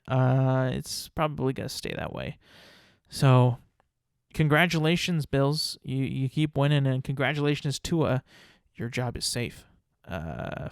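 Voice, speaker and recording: A young man rambles through his weekly sports recap at a podcast mic, animated and quick to poke fun at himself. His voice sits a little high for a man. The recording is close and dry, with no room sound. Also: no room sound. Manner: rambling, animated, self-mocking. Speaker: podcast host. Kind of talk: casual solo sports talk.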